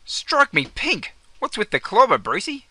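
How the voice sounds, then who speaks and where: A young adult Aussie man voices Jono, an easygoing bloke, trading slangy banter in a comedy sketch. The delivery is expressive and brisk, mid-range in pitch, bright and forceful, in a dry recording.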